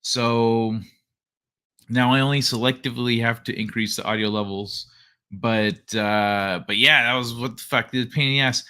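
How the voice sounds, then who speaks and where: A man's voice: mid-range voice, steady tone, moderate pace, sharp tone, clean tone. A young man hosting a late-night live stream, chatting casually in a rambling, profane, laid-back way. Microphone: desk microphone he adjusts.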